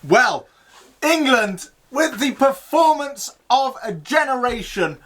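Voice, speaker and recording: A man as a triumphant football presenter, gleeful and taunting, who rounds things off with a showy farewell. His voice is high and bright, and it leaps all over the place as he crows. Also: sing-song, slow, heavily acted. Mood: gloating. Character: gloating jubilant male English football presenter.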